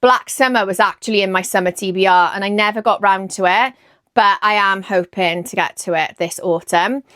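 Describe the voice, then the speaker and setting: A woman's voice: mid-range voice, moderate pace, no echo, clean studio sound. Chatty Welsh woman talking books. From Wales. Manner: chatty and excitable, often second-guessing herself. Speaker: book vlogger. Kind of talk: casual chat about books.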